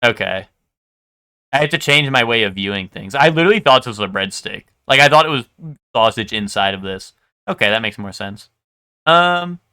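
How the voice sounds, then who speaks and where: A man's voice: on the low side, expressive, moderate pace, bright, forceful tone, clean tone. A man streaming live, chatting casually with his chat and stumbling over unfamiliar food names. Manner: chatty, hesitant, stumbles over foreign words.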